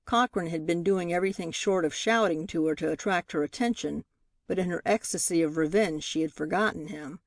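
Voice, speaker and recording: A woman narrating a novel in a measured, expressive storytelling manner. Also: lowish voice, dry recording, clean studio sound. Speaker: audiobook narrator. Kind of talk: scripted narration.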